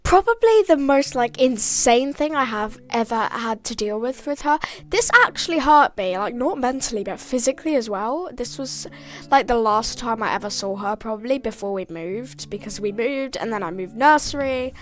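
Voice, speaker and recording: A woman's voice: a little high, animated, moderate pace. A teenage girl telling a storytime vlog, chatty and full of "like", acting out bits of dialogue.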